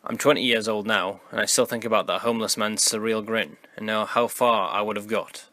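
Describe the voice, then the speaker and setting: A man reading out a scary first-person story in steady, grim scripted narration. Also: on the low side, brisk, no room sound.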